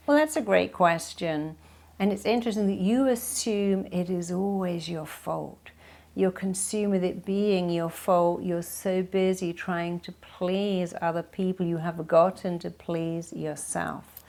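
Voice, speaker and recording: A woman's voice: fairly low pitch, steady tone, measured pace, gravelly, a little mellow. A middle-aged woman giving self-help advice straight to camera, in an emphatic way, often acting out quoted speech. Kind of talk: direct-to-camera advice talk.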